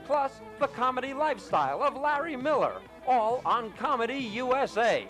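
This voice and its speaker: A man reading a punchy, booming TV show promo as announcer. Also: big pitch swings, moderate pace, fairly bright tone, faint music behind. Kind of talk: TV promo voice-over.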